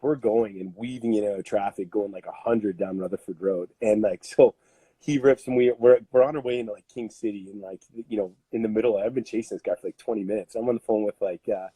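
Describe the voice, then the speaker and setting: Animated Canadian man telling stories. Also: medium pitch, slightly rough, no room sound. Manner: animated, laughing, full of fillers. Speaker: podcast guest, strength coach. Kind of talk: casual storytelling.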